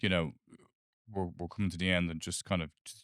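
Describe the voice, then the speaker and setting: A man's voice: low-pitched, little pitch movement, fast talker, a bit bright, clear, resonant tone, no echo, clean studio sound. A man co-hosting a podcast, speaking earnestly and reflectively in casual chat. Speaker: podcast co-host.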